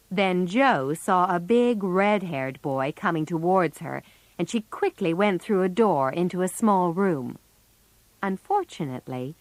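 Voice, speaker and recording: A woman narrating a story for English learners, slowly and with clear enunciation. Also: mid-range voice, no echo.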